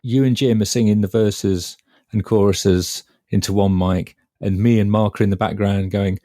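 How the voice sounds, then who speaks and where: A man's voice: on the low side, fairly even intonation, normal speed, warm tone, no room sound, studio quality. A middle-aged man co-hosting a podcast, reminiscing in a chatty, wry way. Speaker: podcast co-host. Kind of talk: casual chat.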